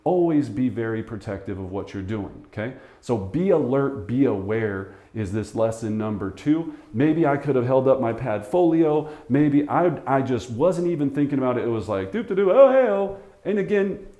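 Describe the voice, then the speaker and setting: A man's voice: mid-range voice, moderate pace, hardly any pauses. A middle-aged man, a real estate coach, telling a story to camera and acting out the people in it. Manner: animated, acts out the voices in his story. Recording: echoey room.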